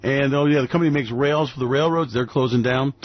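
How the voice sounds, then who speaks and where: A man's voice: mid-range voice, brisk, dry recording, dull audio. A man hosting a finance radio show in a sarcastic, theatrical, mock-gushing way. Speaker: host.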